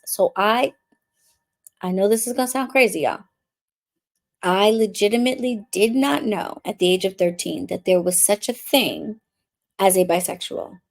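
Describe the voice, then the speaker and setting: A woman's voice: mid-range voice, darkish tone. A woman hosting a live stream, telling a candid personal story with casual swearing before moving into a zodiac reading. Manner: frank, swears freely, chatty. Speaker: witch coach and card reader.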